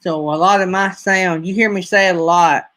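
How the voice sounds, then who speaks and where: This livestream host, a man in his fifties from North Alabama, talks with a Southern accent in a high, fairly bright voice. His tone stays steady at a moderate pace as he rambles folksily in casual chat with viewers.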